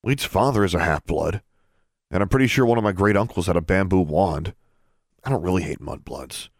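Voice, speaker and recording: A man's voice: sits low, brisk, dry recording, clean studio sound. A man voicing a contemptuous teenage wizard bully who taunts with mocking scorn in a storybook reading. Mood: sneering.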